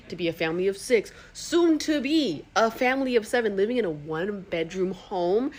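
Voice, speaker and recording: Woman, blunt opinion commentary, exasperated, middle pitch.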